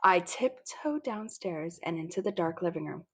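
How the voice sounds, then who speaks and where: A woman narrating a first-person children's story in a lively, childlike storytelling manner. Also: fairly low pitch, normal speed, husky. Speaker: audiobook narrator.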